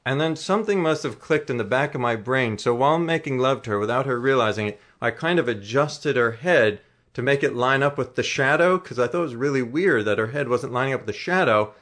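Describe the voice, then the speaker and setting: A man's voice: medium pitch, animated, brisk, a bit bright. Self-mocking man rambling through an anecdote. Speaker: storyteller. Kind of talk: comic personal anecdote.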